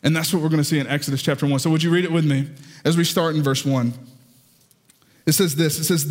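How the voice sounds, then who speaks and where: High-voiced Southern preacher in a hall. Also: male voice, fast, pauses often. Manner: lively storytelling with playful asides. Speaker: pastor. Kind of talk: sermon.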